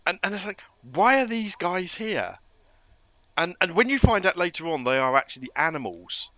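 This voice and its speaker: A man co-hosting a casual film-review podcast. He talks in an animated way, laughs often, and restarts his sentences. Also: sits high, moderate pace, no echo, dull audio. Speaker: podcast co-host.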